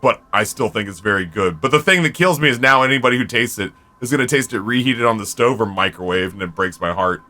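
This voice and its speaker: A man streaming a game from home, telling stories to his viewers in an animated, foul-mouthed, casual way. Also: medium pitch, quick pace, few pauses. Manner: animated storyteller, swears freely. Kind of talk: casual chat with viewers while gaming.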